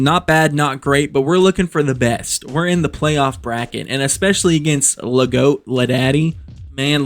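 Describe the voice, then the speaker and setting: A man doing joking casual commentary as a vlogger, rambling, profane and amused at himself. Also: fairly high pitch.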